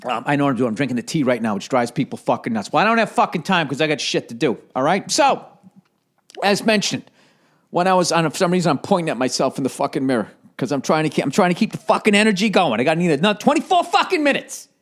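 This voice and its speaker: A solo comedy podcast host, middle-aged and with a cough, rants profanely and fast in a slightly high, sing-song voice, often breaking into mocking impressions. He uses studio headphones and a recorder in a home office that has some echo.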